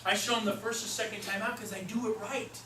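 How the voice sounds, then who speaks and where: A middle-aged man speaking as a real estate trainer, telling stories in an animated way and acting out the voices he quotes. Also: sits high, fast. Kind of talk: storytelling seminar talk. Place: seminar room. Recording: echoey room, mic far off, noisy.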